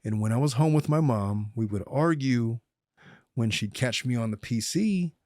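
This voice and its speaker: A middle-aged man, who is a lawyer, hosts a podcast in a medium-pitched voice at a normal speed. He chats casually and tells jokey stories from his family and his law work, an animated storyteller with a joking manner. The recording is dry, with clean studio sound.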